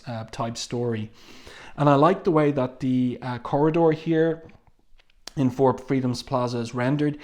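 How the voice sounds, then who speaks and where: Comic reviewer, male, mid pitch, casual and halting with lots of ums. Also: a little mellow. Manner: halting, with many ums and restarts. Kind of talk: casual read-along review.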